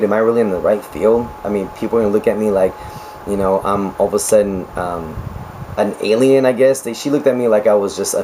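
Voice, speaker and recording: A man in his twenties, a nurse talking casually to camera with a raspy, hoarse voice, chatty and joking, with laughs between stories. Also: on the low side, mellow, slight background noise, poor audio. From United States. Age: 20s. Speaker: nurse vlogger.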